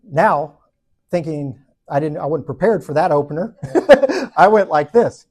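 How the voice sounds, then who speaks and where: A middle-aged man who teaches a Bible study, telling a story in a joking, animated way and acting out the quotes. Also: fairly high pitch, a little slow, husky. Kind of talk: storytelling talk to a group.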